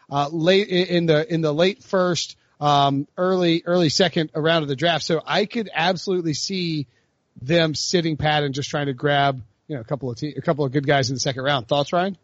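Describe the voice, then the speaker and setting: A man's voice: on the high side, dry recording, highs cut off. A man hosting a casual sports talk show, rambling with many fillers and restarts. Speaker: host.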